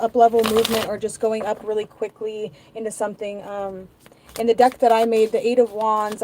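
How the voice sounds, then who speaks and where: A woman's voice: medium pitch, noisy background. A woman giving a casual tarot reading and musing aloud, rambling through her thoughts with many fillers. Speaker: tarot reader.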